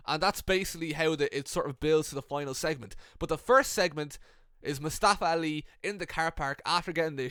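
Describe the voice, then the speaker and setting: Guy with a pretty high voice, dry close mic, chatty playful storytelling, swears a lot. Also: fairly bright tone, clear, resonant tone, no room sound. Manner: playful, swears freely, recounts scenes with quick asides. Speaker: wrestling fan video creator. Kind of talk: casual storytelling commentary.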